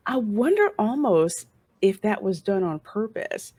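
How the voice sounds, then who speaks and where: A woman's voice: mid-range voice, sing-song, measured pace, warm tone, slightly rough, dry recording. A woman hosting a casual show, chatting animatedly about a TV episode and acting out how the audience reacts. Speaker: host reviewing a TV episode. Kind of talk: casual chat.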